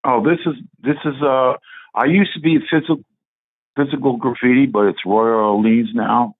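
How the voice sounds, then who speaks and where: A male caller telling a story over the phone in a halting, hesitant way that trails off. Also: mid-range voice, steady tone, no echo. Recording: tinny phone line, dry.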